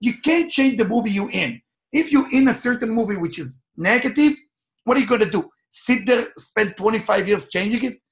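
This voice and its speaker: Male life coach, high voice, emphatic motivational storyteller, non-native English phrasing. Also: moderate pace, creaky. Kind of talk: motivational talk with personal stories.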